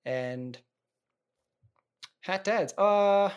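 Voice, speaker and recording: A man's voice: high voice, expressive, drawn-out words, smooth, highs cut off. A man, hosting a podcast in a rambling, jokey monologue that often restarts mid-sentence. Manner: rambling, self-interrupting, jokey. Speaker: podcast host. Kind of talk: casual comedic monologue.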